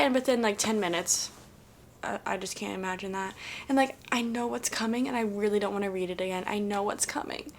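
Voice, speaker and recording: A woman's voice: mid-range voice, brisk, a little hiss or hum. A woman vlogging about her reading in a casual, gushing way, rambling with lots of fillers. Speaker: book vlogger. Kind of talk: casual chat.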